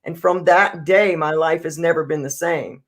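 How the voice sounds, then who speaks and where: A man's voice: a little high, fairly even intonation, normal speed, a bit bright. A man hosting a podcast, talking reflectively and telling a personal story. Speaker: podcast host. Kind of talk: casual podcast chat.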